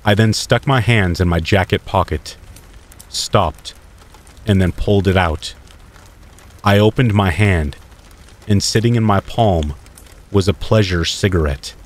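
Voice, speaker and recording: Deep-voiced man telling a horror story. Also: measured pace, long pauses. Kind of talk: scripted first-person horror narration.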